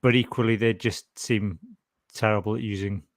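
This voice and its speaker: A man's voice: lowish voice, fairly even intonation, moderate pace, no echo. A Scottish man hosting a podcast in casual, jokey chat, rambling with restarts. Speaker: podcast host.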